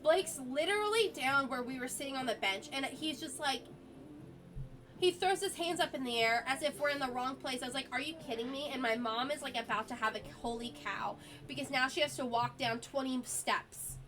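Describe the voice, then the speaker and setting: A woman's voice: high-pitched, normal speed, a bit bright. A woman streamer, sick with a cough, chatting casually and telling a story in an exasperated way, full of "like" fillers.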